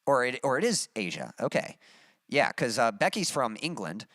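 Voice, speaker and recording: A musician from Texas with a mild Texas accent chats casually on a livestream, reading out his chat in a relaxed, rambling way full of fillers. His mid-range voice moves at a moderate pace, and the studio-quality recording has no room sound.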